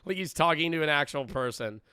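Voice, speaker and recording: A man's voice: on the high side, lively intonation, brisk, bright, forceful tone, a little hiss or hum. A young man streaming casual reaction commentary, rambling and sarcastic, swearing constantly.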